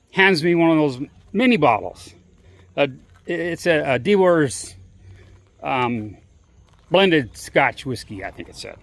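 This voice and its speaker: A man's voice: on the high side, a bit bright, no room sound. A man vlogging as he walks, telling a story in a rambling, chatty way full of restarts and asides. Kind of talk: casual storytelling on a walk.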